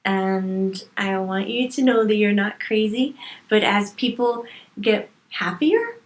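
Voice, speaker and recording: A woman's voice: mid-range voice, lively intonation, slow. A woman speaking as a medium in a channeled spiritual talk, stressing points by repeating words. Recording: roomy echo.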